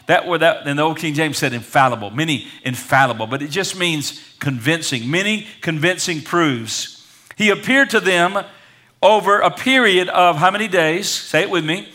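A man preaching a sermon to a congregation, calling for responses and building to loud peaks. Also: fairly high pitch, animated, moderate pace. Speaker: pastor. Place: church sanctuary.

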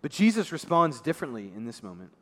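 Male pastor, slightly higher voice, conversational sermon, long hall reverb. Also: sing-song, fast. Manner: conversational preaching, voice drops low and soft for emphasis.

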